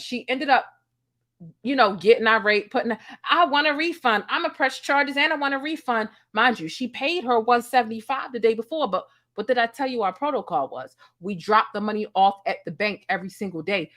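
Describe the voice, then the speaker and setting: A woman's voice: on the high side, a bit bright. A woman in her thirties telling a story in a casual, sassy and profane way, acting out the dialogue. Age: 30s. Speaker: host.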